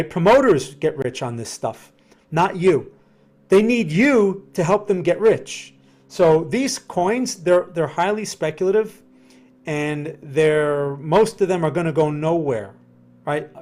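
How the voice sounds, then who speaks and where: A man hosting a live trading stream, speaking slowly and conversationally, repeating words and answering chat comments. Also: on the high side, animated, a little mellow. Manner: conversational, repeats himself, reads chat aloud; slow, deliberate delivery. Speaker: trading educator. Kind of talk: live-stream market analysis.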